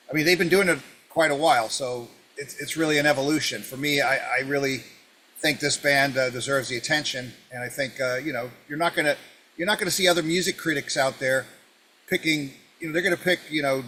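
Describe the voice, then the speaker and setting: A man's voice: medium pitch, sharp tone, a little hiss or hum, low-quality recording. A man with a New York accent, a guest on a casual panel, talking in a rambling way with many fillers and restarts. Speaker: guest music commentator.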